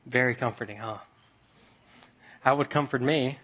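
A young man preaching a sermon, telling stories in a chatty way and dropping to a hush for emphasis. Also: medium pitch, moderate pace, breathy edge. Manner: conversational storytelling with dramatic hushed drops.

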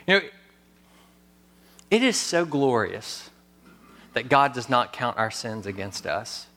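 A man in his thirties preaching a sermon, earnest and storytelling, pausing before key words. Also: mid-range voice, big pitch swings, sharp tone. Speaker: pastor.

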